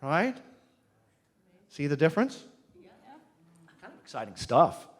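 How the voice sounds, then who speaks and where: Animated, joking male singing teacher. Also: medium pitch, brisk. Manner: humorous, animated, demonstrates with his own voice. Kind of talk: live workshop talk. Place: room with a live audience.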